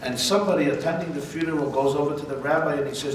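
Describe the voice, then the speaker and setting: A man, a rabbi, giving a humorous, animated speech at a gala dinner in a large banquet hall. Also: a little high, racing. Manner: joke-telling, animated. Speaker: guest speaker, rabbi. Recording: echoey banquet hall from far off, noisy.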